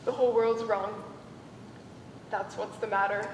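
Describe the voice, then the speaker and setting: A woman's voice: mid-range voice, level tone, measured pace, a little hiss or hum, lightly acted. A teenage girl acting as a wistful mother who confides her sorrow about her daughter's wedding. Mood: rueful. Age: teens. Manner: rueful, confiding monologue. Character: worried mother of the bride, wistful. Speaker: student actor. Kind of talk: stage acting. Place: school auditorium stage. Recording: echoey hall from far off.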